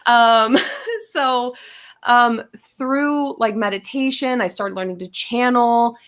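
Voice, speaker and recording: A woman's voice: a little high, slow, a bit bright. A woman guest on a podcast, telling a long story in casual chat, acting out her own quotes with lots of fillers.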